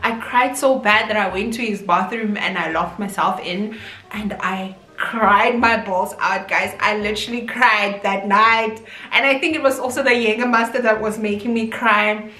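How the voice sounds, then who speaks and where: In her casual storytime vlog, this young woman from South Africa talks expressively to her audience in a South African accent. Her mid-range voice is steady, bright and forceful at a moderate pace, set against faint background music and a roomy echo.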